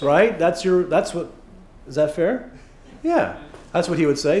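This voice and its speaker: A man's voice: high-pitched, animated, measured pace, roomy sound. A man preaching a sermon in a church, conversational and joking, with many fillers and acted asides. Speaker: pastor. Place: church sanctuary.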